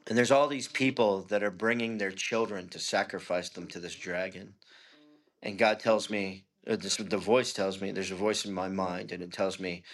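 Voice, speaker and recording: A middle-aged pastor with a deep, slightly bright voice shares his personal testimony in an interview. He speaks at normal speed with fairly even intonation, earnest and conversational, often saying "you know".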